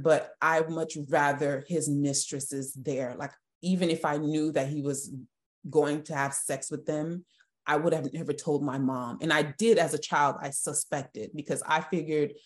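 Low-voiced woman telling a painful story. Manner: halting and emotional, with frequent restarts. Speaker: guest sharing her story. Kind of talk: personal testimony in a podcast interview.

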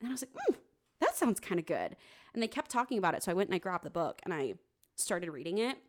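Young woman, podcast co-host, slightly low pitch, casual chat, animated and profane. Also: rapid-fire. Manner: animated, acts out quotes, swears casually.

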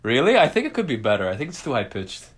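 A man's voice: mid-range voice, wildly swooping pitch, fast talker. A young man from Palestine, co-hosting a podcast in loose, joking casual chat with many restarts. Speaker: podcast co-host.

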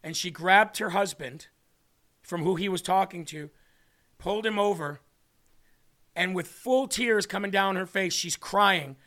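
A man with a high, bright voice delivers a storytelling sermon as host of his show. He acts out each person's words in the story with lively changes of tone. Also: a little slow, pauses often. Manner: animated, acts out dialogue in a story. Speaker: host and preacher.

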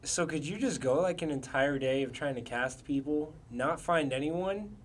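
Joking young man, slightly high voice. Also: normal speed, a little hiss or hum. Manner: joking, asks short questions. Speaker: podcast co-host. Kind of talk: casual chat.

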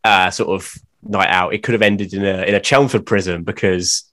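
A young man co-hosting a casual podcast, with dry, wry jokes and quick laughs. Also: low-pitched, fairly even intonation, fairly bright tone. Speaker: podcast co-host. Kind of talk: casual pub-banter podcast chat.

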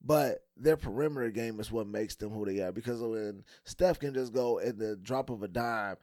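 A man's voice: fairly low pitch, normal speed, a little mellow, no room sound, clean studio sound. A man co-hosting a podcast, talking basketball in a loose, casual way, restarting and filling with "like" and "you know". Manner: loose, repeats himself, many fillers. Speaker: podcast co-host. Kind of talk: casual sports chat.

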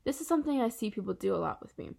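A woman narrating a first-person children's novel. Her delivery is soft and earnest, at a plain mid pitch. She tells the story in a steady storytelling voice. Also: racing, vocal fry. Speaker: audiobook reader.

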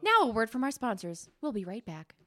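A woman's voice: on the high side, sing-song, brisk. A woman co-hosting a comedy podcast, chatting playfully and laughing often. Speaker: podcast co-host. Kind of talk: casual comedy chat.

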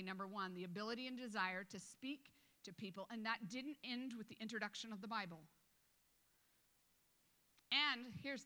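A woman pastor preaching a sermon in a church, conversational, quoting scripture and breaking into quick asides. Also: mid-range voice, bright, forceful tone. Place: church sanctuary with a balcony. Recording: long hall reverb.

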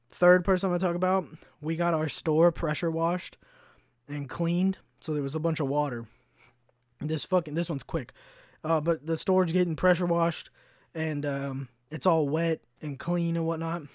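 A man hosting a solo podcast, ranting through profane, animated stories about customers and now and then mimicking their voices. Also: a little high, unhurried, no echo, clean studio sound. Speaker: podcast host.

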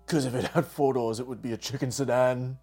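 Man impersonating a bragging older tycoon, brash and drawn out, rough impression. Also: mid-range voice, fairly even intonation, brisk, darkish tone, soft background music, lightly acted. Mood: boastful. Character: boastful older male tycoon politician.

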